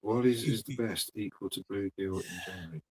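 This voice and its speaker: A man's voice: lowish voice, brisk, a little mellow, poor audio. A man hosting a casual livestream, rambling dryly and talking to the chat. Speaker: host.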